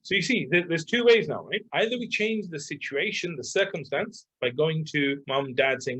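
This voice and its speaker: A man's voice: a little high, animated, normal speed, hardly any pauses, a bit bright, husky. A man in his thirties, a life coach, talking casually and filling his speech with "like" and "right?". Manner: conversational, full of "like" and "right?". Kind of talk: casual chat. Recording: dull lo-fi sound.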